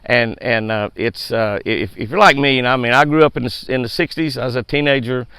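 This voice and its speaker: A man's voice: medium pitch, brisk, pushed and bright, clean tone, no echo. A man, a fishing show host chatting casually and upbeat to viewers, repeating words as he goes. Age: 70s.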